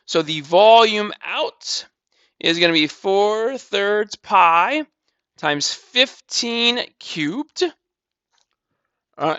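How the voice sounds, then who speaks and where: A man teaches math in a casual, step-by-step manner, repeating figures as he works through them. His voice sits high and bright. The recording is dry and a little dull. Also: dry recording. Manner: talks through calculations step by step, casual, repeats numbers, says "blah, blah". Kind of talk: recorded math lesson walkthrough.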